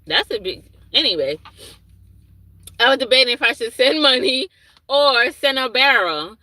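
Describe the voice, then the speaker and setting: A woman's voice: high voice, animated, moderate pace, pushed and bright, no echo, low-quality recording. A woman chatting casually on a livestream, rambling and losing her thread as she answers viewers' comments. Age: adult with a young son. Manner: reads and answers chat comments aloud. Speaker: livestream host.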